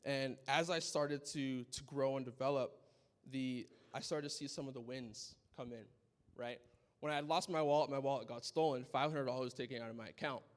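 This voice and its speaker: A young man giving an earnest personal testimony at a conference, telling his story with animated energy and often checking in with "right?". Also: mid-range voice, normal speed. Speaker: conference speaker. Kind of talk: testimony talk. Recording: long hall reverb.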